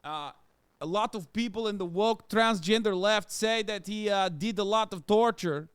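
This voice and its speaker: A man doing a smug, loud Brazilian pundit. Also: high voice, normal speed, clear, resonant tone, no echo, voice pushed up, lightly acted. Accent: mock Brazilian. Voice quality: loud, exaggerated broken English. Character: pompous male Brazilian right-wing pundit.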